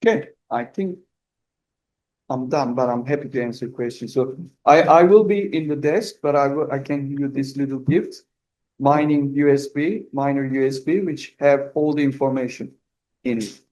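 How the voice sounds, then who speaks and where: A man's voice: medium pitch, normal speed, darkish tone, low-quality recording. Turkish-accented man giving a talk. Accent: Turkish, with some Australian. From Turkey. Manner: advising, with restarts. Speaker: university presenter. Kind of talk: presentation to students. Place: lecture hall.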